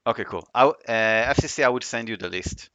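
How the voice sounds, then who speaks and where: A man's voice: mid-range voice, quick pace, a bit bright, smooth, no room sound. A man running a tabletop game on a stream call, talking in a laid-back, hesitant way with fillers and laughs. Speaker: game master. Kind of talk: casual tabletop game talk.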